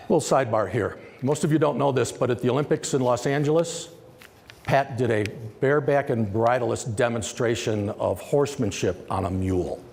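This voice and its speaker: Man, summit keynote speaker; animated, chatty storyteller; long hall reverb. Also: medium pitch. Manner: lively, conversational storyteller who acts out quoted dialogue. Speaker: company executive giving a summit presentation. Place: large conference hall.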